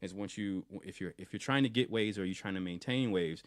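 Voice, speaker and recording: A man, a podcast co-host, retelling a film scene in casual review chat, animated and often restarting and repeating words. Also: sits low, a little fast, dry recording, clean studio sound.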